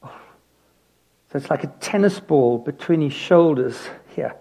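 A man preaching a sermon, telling a personal story with animated emphasis that drops into hushed asides. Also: fairly high pitch, slow.

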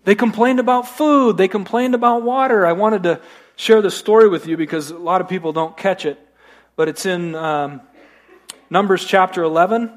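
High-voiced joking male pastor. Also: moderate pace. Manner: conversational, joking asides. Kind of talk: sermon. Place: church.

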